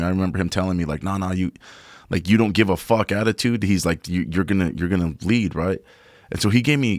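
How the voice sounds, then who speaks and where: A man's voice: deep voice, no echo, clean studio sound. A man on a podcast telling a long work story in a casual, profane way, saying "bro" a lot. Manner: profane, animated, says "bro" often.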